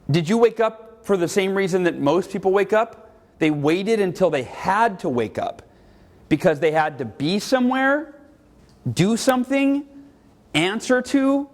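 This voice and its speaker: A man from California giving a keynote talk to a live audience, telling stories in an animated way and acting out every voice. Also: high voice. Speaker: motivational speaker.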